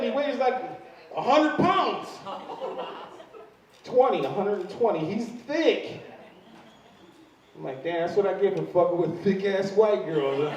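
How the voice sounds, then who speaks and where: A man's voice: sits high, a little mellow. An older man doing a crude stand-up comedy set in a live club, telling stories and acting out the voices of people in them. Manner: crude, storytelling, acts out quoted voices. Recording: distant, very echoey, dull lo-fi club recording. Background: audience laughter.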